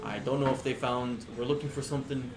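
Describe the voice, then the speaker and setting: Man playing scared henchman, hushed and pleading, echoey room. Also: medium pitch, steady tone, fast, heavy background noise, natural voice. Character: cornered male goon, nervous and pleading.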